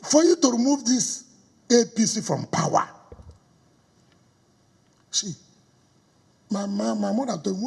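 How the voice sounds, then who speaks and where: A man's voice: sits high, lively intonation, unhurried, gravelly, long pauses, darkish tone, slightly rough. A middle-aged Nigerian man giving a combative campaign speech to party leaders, firing off rhetorical questions and slipping into pidgin. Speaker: politician addressing party stakeholders. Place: government house hall. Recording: echoey hall recording.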